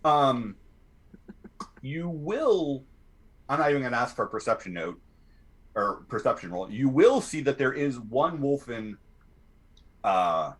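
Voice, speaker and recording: Narrating as the game master of a tabletop game, a man hesitates a lot, filling his speech with fillers and restarts. His voice is medium-pitched with a fairly bright tone.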